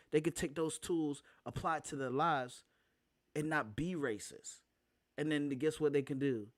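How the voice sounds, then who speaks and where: A man hosting a live talk show, speaking casually, often laughing and repeating phrases for emphasis, slowing down to stress points. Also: medium pitch, no room sound, clean studio sound. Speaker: show host.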